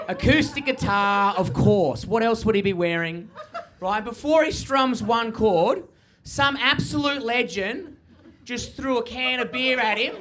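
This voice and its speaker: A man with an Australian accent performing a stand-up set into a handheld mic, with loose, high-energy storytelling. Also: background noise. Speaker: stand-up comedian.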